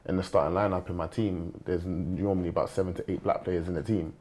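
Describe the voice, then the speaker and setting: Fast-talking young man, deep voice. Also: fairly even intonation, darkish tone. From London. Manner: fast, earnest, with many restarts. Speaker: professional footballer, guest. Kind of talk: panel discussion.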